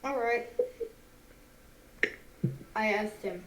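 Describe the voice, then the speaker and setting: A woman playing a tabletop game, eager and full of quick questions. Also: medium pitch. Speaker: player. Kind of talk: tabletop game play, casual chat.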